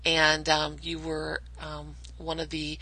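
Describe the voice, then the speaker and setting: A woman's voice: sits low, completely flat delivery, slow, sharp tone, rough recording. A woman hosting a casual podcast interview, enthusiastic and chatty, often restarting her sentences with fillers. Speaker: podcast host.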